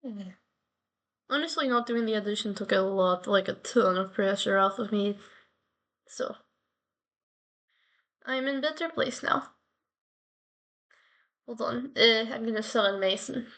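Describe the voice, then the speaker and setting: A woman's voice: medium pitch, unhurried, long pauses, a bit bright. A woman hosting her own daily talk vlog, chatting casually and playfully and rambling from one thing to the next. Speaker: host of a daily talk show. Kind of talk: casual solo vlog chat.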